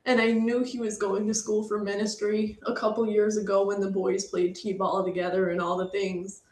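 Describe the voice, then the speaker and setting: A woman's voice: mid-range voice, flat delivery, normal speed, a little mellow. A middle-aged woman sharing a painful personal story, emotional and apologetic, fighting back tears. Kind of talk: personal testimony talk. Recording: echoey room.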